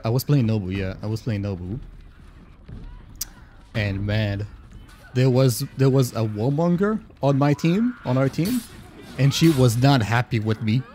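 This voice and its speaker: A man streaming a game live, chatting casually with viewers, excitable and swearing freely. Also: mid-range voice, measured pace, pauses often, a little hiss or hum.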